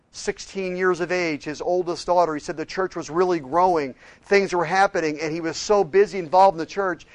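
A man preaching a sermon, retelling stories of changed lives with quoted dialogue and shifts between hushed and emphatic moments. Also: sits high, dry recording. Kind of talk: sermon storytelling.

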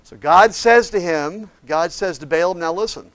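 A man preaching a sermon, retelling a Bible story with lively voices for each character. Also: high voice, normal speed, creaky, hardly any pauses, clean tone, no room sound.

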